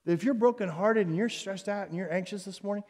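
A male pastor preaching a sermon on stage, animated and jokey, swinging between loud emphasis and hushed tones. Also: high-pitched, fast talker, big-room sound. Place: church stage before a congregation.

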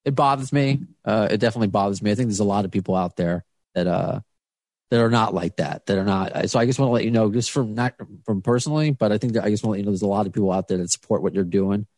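A man's voice: fairly low pitch, fast, a little mellow, dry recording. A man hosting a podcast interview, talking casually and rambling with many restarts and fillers. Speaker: podcast host.

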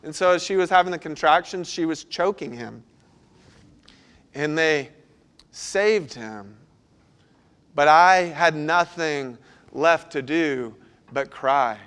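A man preaching a sermon as a pastor, telling a personal story and moving between hushed passages and loud, urgent ones. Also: on the high side, smooth.

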